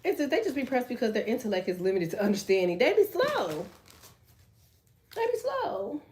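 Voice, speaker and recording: A woman with a slightly high voice talks to her live viewers in a casual, blunt way. She speaks, laughs often and reads their comments aloud. Her delivery is loose and chatty, like an informal stream. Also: sing-song, moderate pace, a little mellow, slight background noise. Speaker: tarot live stream host.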